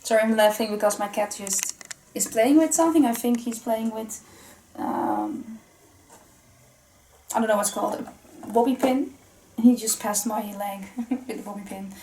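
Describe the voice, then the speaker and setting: A woman with a fairly high voice talks her way through an unboxing in a loose, casual vlog chat. She giggles often and rambles cheerfully between items. A faint background hiss sits under her voice. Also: normal speed, pauses often, warm tone. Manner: chatty and giggly, laughs often. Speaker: vlog host.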